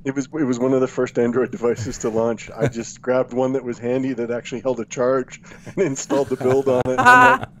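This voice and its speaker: A man's voice: medium pitch, lively intonation, brisk, dark tone, slight background noise. A man calling in to a podcast to chat about his game studio's releases, joking and laughing often. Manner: jokey, laughs often, puts on gruff ogre voice. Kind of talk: casual chat on a call-in podcast.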